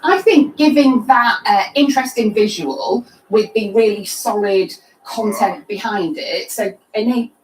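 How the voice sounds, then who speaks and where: A woman's voice: mid-range voice, a little slow, few pauses, slight background noise. A woman politician answering a news interview in fluent, upbeat talking points. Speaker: party politician. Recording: roomy, from a distance.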